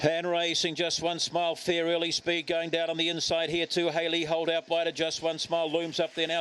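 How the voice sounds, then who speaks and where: A man with a New Zealand accent calling greyhound races, reeling off runners in quick rhythmic bursts and rising and getting louder as the field hits the straight. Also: fairly high pitch, slight background noise. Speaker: race caller. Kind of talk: greyhound race commentary.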